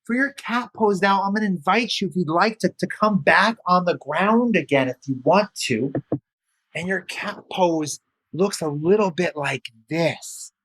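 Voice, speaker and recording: Leading a yoga storytime for children, this man speaks in a high, fairly bright voice at a measured pace. He keeps things playful and encouraging, tossing in small sound effects as he goes.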